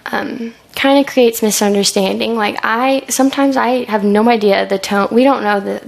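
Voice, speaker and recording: A woman's voice: medium pitch, vocal fry. A young woman, a student, answering questions about her senior thesis in a chatty, hesitant way, full of likes and ums, often acting out what she would say. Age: young adult. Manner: chatty and hesitant, many likes and ums, acts out quoted lines. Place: school room with an audience.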